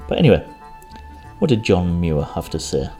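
A man hosting his own podcast, chatting in a relaxed, rambling, self-deprecating way. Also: deep voice, moderate pace, faint music behind. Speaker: podcast host. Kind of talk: casual solo podcast.

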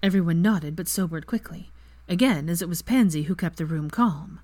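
A woman's voice: lowish voice, moderate pace, darkish tone, dry recording. Woman narrating a story, dry close sound. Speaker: fan fiction reader. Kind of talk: audiobook narration.

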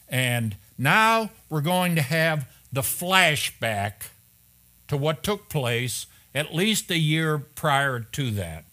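Bright-voiced man preaching conversationally. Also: medium pitch, expressive, slow. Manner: conversational, with fillers and rhetorical questions. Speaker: pastor. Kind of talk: expository sermon.

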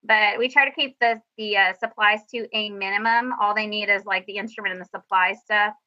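A woman's voice: medium pitch, fairly even intonation, a little fast, pushed and bright. Chatty band teacher woman, dull call audio. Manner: chatty, self-deprecating, upbeat. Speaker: middle school band director. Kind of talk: teacher presentation over screen share.

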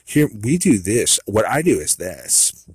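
A man voicing a condescending woman who lectures him slowly, in a raised, mocking tone. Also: on the low side, big pitch swings, a little mellow, husky, no echo, voice pushed up, full character voice. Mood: scolding. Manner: condescending, slow and preachy.

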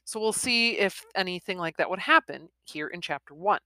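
A woman reviewing a western novel, chatting excitedly and reading chapters aloud. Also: mid-range voice, normal speed, hardly any pauses, no echo. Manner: chatty and excitable, with restarts and exclamations. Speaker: book reviewer.

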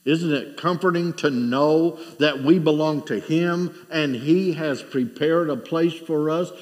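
Middle-aged guy preaching slow, lots of rhetorical questions, long echo in a big hall. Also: fairly high pitch. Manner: preaching with rising and falling intensity, rhetorical questions. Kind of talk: sermon.

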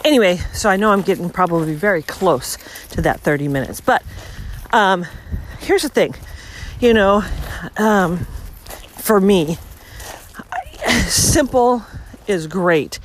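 A woman hosting a podcast as she walks along a beach, talking casually with lots of ums and bursts of excitement. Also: mid-range voice, unhurried, long pauses, a little hiss or hum. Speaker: podcast host. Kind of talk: casual walking monologue. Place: outdoors on a beach.

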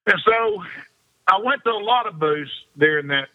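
A man's voice: fairly high pitch, expressive, moderate pace. A man, an interview guest spinning long rambling anecdotes in a casual chat and laughing often. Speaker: interview guest, fishing pro. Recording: dull lo-fi sound.

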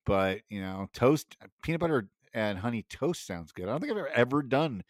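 A man in his thirties co-hosting a casual chat podcast, easygoing and quick to laugh. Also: medium pitch, very animated, no echo, studio quality. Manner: easygoing, laughs often, says "dude". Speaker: podcast co-host.

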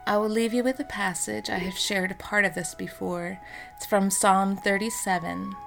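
A woman in her thirties hosting an unscripted devotional podcast, talking in an earnest, encouraging way with soft fillers. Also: medium pitch, steady tone, moderate pace, vocal fry, soft background music. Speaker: podcast host.

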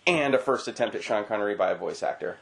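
Low-voiced joking podcast host man. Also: lively intonation, fast talker, vocal fry, background noise. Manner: joking, rambling, playful. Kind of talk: casual interview chat.

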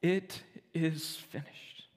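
A man voicing a suffering, dying man in a storybook reading, speaking softly and slowly in a lower tone, with long reverb. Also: steady tone, breathy edge, exaggerated voice. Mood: pained. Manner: soft, pained, slow. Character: suffering gentle man, dying, pleading to his father.

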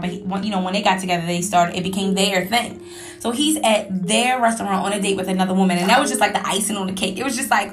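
Candid woman telling a casual story. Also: medium pitch. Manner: candid, conversational, fillers like "like" and "you know".

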